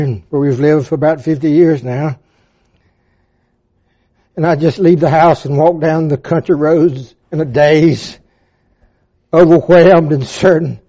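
An older man preaching a sermon, dropping to a hush and then rising to impassioned, pleading peaks. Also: on the high side. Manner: dramatic, swinging from hushed to impassioned. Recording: dull lo-fi sound.

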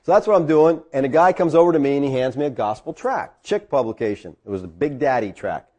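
Speaking fast, a middle-aged man who pastors a church relates a personal anecdote in his sermon, going high in pitch when enthusiasm hits.

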